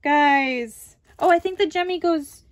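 A woman's voice: high-pitched, slow, dull audio. A woman hosting a crafting vlog, gushing and exclaiming often as she unboxes supplies. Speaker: crafting channel host.

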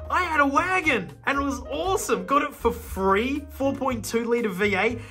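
An excitable Australian man talks casually, laughing often, with a very lively, up-and-down voice. His tone is bright and forceful. There is faint music playing behind him. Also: sits high. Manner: laughing, excitable, jokey asides. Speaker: YouTube host. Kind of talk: casual commentary while flipping through an old car magazine.

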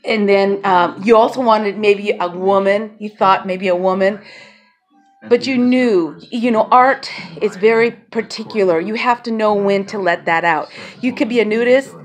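A woman vlogger talking to camera in a loose, rambling way, laughing often and swearing freely. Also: mid-range voice. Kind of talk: casual rambling monologue to camera.

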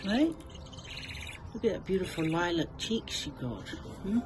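A woman's voice: fairly low pitch, lively intonation, moderate pace, over music. A woman who breeds budgies, chatting casually in her aviary and cooing fondly to the birds. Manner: coos affectionately to her birds. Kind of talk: casual vlog narration. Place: outdoor aviary with chirping budgies. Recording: loud bird chatter behind. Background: loud budgie chirping.

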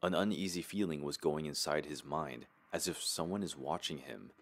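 Very deep-voiced horror story narrator. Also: male voice, moderate pace.

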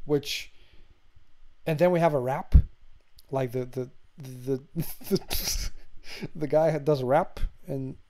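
A man in casual podcast chat retells a goofy film scene by scene. His voice is mellow and dark, and his telling is loose and rambling. He swears freely and laughs along with his own story. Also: medium pitch, steady tone, takes it slowly, pauses often. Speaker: podcast co-host.

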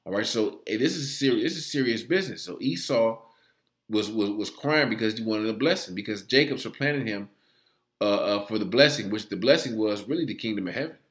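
A man's voice: lowish voice, lively intonation, a little fast, a bit bright, echoey room. A man preaching and teaching from scripture, filling almost every phrase with "all right" and often stammering and restarting. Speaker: religious teacher.

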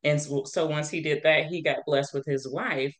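A woman's voice: sits low, steady tone, moderate pace. A woman hosting a casual faith-based interview, speaking over a video call. She is chatty and conversational, slipping into small preachy asides and leaning on "you know" as she goes. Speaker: podcast host.

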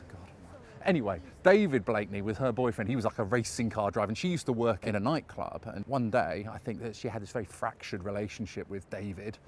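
A man's voice: mid-range voice, slight background noise. A man talking his way through a walking tour outdoors, chatty and anecdotal, often chuckling. His voice sits in a middle range, with faint ambient sound around him. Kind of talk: casual guided walk narration. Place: outdoors on a park walk.

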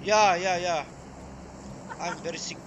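A young man from Northeast India streams a mobile shooter live, talking with his squad in a slightly high voice. He mixes languages freely and breaks into loud, excited outbursts. Steady noise sits under his voice. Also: unhurried. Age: young adult. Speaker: game streamer. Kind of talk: live gameplay chat with teammates. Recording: noisy stream audio.

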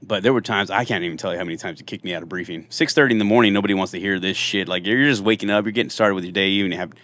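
A man's voice: sits low, very fast. A man in his thirties, a singer and former police officer, telling funny stories in a casual podcast interview and acting out the quotes. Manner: animated, jokey storyteller who acts out quotes.

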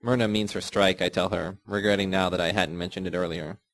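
A man reading a first-person novel aloud in steady, measured narration. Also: sits low, dry recording, low-quality recording. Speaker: audiobook reader.

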